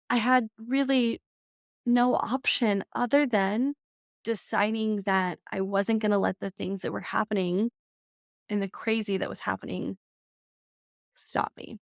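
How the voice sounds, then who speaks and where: A woman's voice: mid-range voice, steady tone, measured pace, creaky, pauses often, no room sound, clean studio sound. A woman, hosting a podcast and candidly telling a personal story, laughing often as she talks. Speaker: podcast host.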